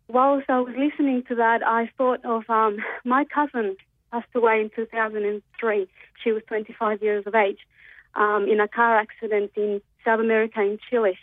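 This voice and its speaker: A woman's voice: a little high, no room sound. A nervous woman calling in from Australia to a radio show, telling a story with many hesitant ums. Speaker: radio caller. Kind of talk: call-in storytelling. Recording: tinny phone line.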